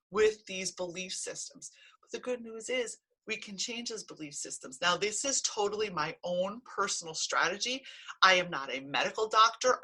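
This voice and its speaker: A woman's voice: medium pitch, sharp tone. A middle-aged woman, a healing practitioner and coach, giving a blunt, emphatic motivational talk to camera and swearing freely.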